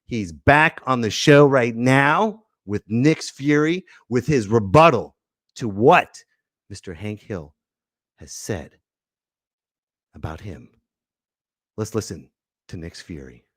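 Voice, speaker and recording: A man's voice: medium pitch, animated, slow, pauses often, a bit bright, no echo, studio quality. A man hosting a comedy show, riffing sarcastically in a casual monologue.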